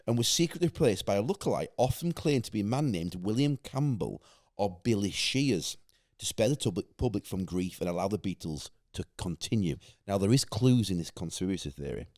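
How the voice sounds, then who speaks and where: A man co-hosting a podcast in casual chat, excitable and often restarting his sentences. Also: lowish voice, fairly quick. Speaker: podcast co-host.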